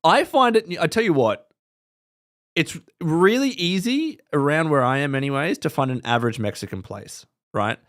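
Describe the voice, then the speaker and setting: A man's voice: fairly high pitch, animated, moderate pace, a bit bright. A man with an Australian accent hosting a live stream, chatting casually and rambling with his viewers, swearing now and then.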